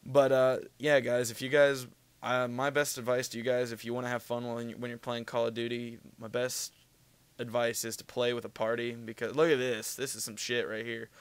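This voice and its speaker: A man's voice: mid-range voice, flat delivery, moderate pace, clear, resonant tone, dry recording. A young man giving casual, rambling commentary over gameplay, with lots of fillers and profanity. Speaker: gaming video commentator.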